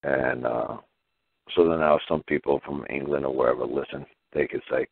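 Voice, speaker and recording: Very deep gravelly man on the phone. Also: brisk, dry recording. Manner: animated, repetitive rhetorical questions. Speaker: guest caller explaining legal ideas. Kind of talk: casual phone-in talk. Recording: tinny phone line, dry.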